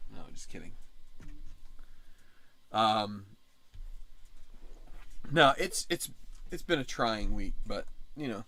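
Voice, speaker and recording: A man's voice: medium pitch, animated, slow pace, long pauses, sharp tone. A man hosting a casual livestream chat, rambling and often breaking off to restart his sentences. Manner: rambling, self-interrupting. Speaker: channel host.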